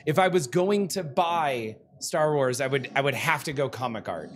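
A man's voice: mid-range voice, expressive, normal speed, a little hiss or hum. Chatty self-mocking man hosting a stream. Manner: reads viewer comments aloud, chatty, self-deprecating; laughs easily. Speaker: livestream host. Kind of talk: casual stream chat.

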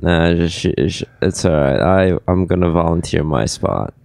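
A man's voice: low-pitched, animated, normal speed, gravelly, darkish tone, no room sound. A young man hosting a casual podcast who is losing his voice, rambling and self-deprecating as he slips in ad plugs. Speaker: podcast host.

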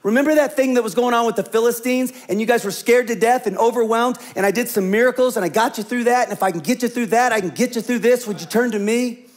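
A man with a high voice preaching a sermon as a senior pastor. He tells stories with lively energy, then sinks into quiet, slow phrases to drive a point home. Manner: animated storytelling that drops to hushed, slow emphasis.

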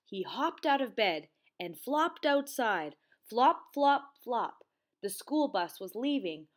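A woman teacher reading a children's storybook aloud, in an expressive, sing-song way. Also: mid-range voice, measured pace.

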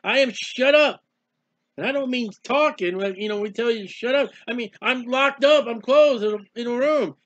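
High-pitched man preaching with raw emotion. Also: moderate pace, few pauses. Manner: emotional, repetitive, speaks as the psalmist in first person. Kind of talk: impassioned Bible sermon. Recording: dull lo-fi recording.

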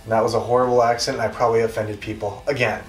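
A man's voice: mid-range voice, little pitch movement, racing. A man with a Canadian accent hosting a casual beer review, talking in a chatty, rambling, self-deprecating way. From Western Canada. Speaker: beer reviewer, show host. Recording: echoey room, distant mic, faint music.

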